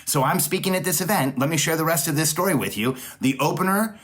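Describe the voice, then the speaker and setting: A man's voice: a little high, quick pace, fairly bright tone. A man hosting a solo podcast, speaking emphatically in repeated rallying phrases and often correcting himself mid-sentence. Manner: self-correcting restarts. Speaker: podcast host, business coach.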